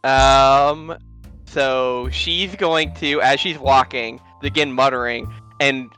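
A man's voice: mid-range voice, steady tone, slow, sharp tone, faint music behind. A man playing a tabletop game, describing his character's actions in long rambling sentences. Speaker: player.

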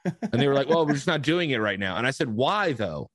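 A man on a podcast telling a story in casual chat, profane and animated, acting out the dialogue. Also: medium pitch, fairly quick, no room sound. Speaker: podcast host.

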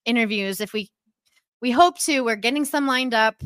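A woman's voice: on the high side, moderate pace, fairly bright tone, clear, resonant tone, dry recording. A woman co-hosting a casual podcast, chatty and upbeat, laughing easily. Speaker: podcast co-host.

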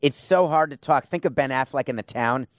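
A man's voice: mid-range voice, fairly quick, no echo. Chatty opinionated man, dry sound. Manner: chatty, opinionated, self-deprecating asides. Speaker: commentator. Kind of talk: opinionated casual commentary.

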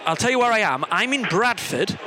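A man's voice: high-pitched, expressive, brisk, background noise. A man with a Yorkshire accent co-hosting a football radio show, bantering and making jokey phone calls live from a stadium. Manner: jokey, chatty, laughs often.

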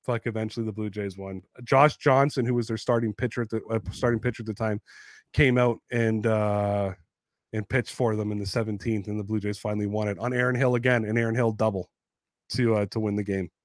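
A man in his thirties telling sports stories in a casual podcast chat, animated and heavy on swearing. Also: fairly low pitch, fairly quick, no room sound. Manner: profane, animated storyteller. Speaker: podcast co-host.

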